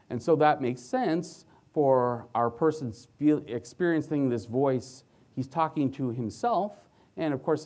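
A man's voice: medium pitch, darkish tone. A man who works as a physician, giving a conference lecture in an earnest way and telling stories about his patients. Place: conference hall stage.

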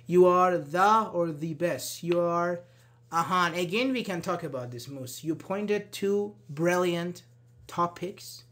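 A man's voice: high voice, fairly bright tone. A male English teacher leading a live online grammar class, patiently explaining and repeating example phrases while answering viewers' comments by name.

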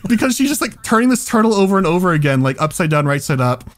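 Animated, laughing podcast storyteller man. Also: sits high, quick pace. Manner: animated, laughs often, swears freely. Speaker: podcast host. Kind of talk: casual chat, storytelling.

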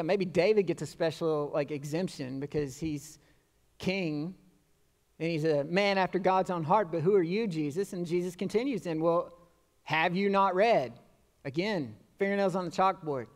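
A male pastor preaches in a relaxed, talkative way, slipping in a joke at his own expense. His voice sits high for a man. The sound carries the long reverb of a church sanctuary. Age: adult with children. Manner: conversational preaching with self-deprecating humor and acted-out quotes. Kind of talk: sermon.

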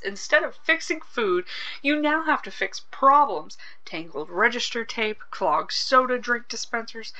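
A woman's voice: fairly high pitch, bright, forceful tone, rough recording. A woman hosting a game let's play, chatting casually, swearing freely and reacting aloud to what happens on screen. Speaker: gaming channel host.

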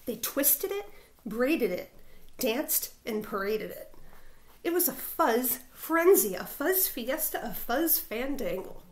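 A woman teacher reading a picture book aloud to her school, expressive, with dramatic sound words. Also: high-pitched, slow, a little hiss or hum.

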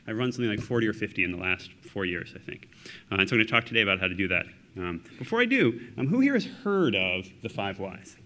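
A man giving a conference talk, chatty with many fillers and restarts, acting out quoted people with sudden jumps in pitch. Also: sharp tone. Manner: acts out quoted voices with big pitch jumps. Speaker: conference speaker. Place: conference hall.

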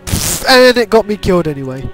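A young man commentating a video game playthrough, excitable, laughing and swearing at what happens on screen. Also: sits high, brisk, soft background music, low-quality recording. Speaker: gamer commentator. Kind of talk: let's play commentary.

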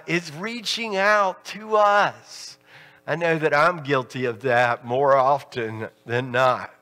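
A man pastor preaches in an earnest storytelling manner. His voice is slightly high and has a forceful brightness. He is recorded in a church hall with a long reverb. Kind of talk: sermon.

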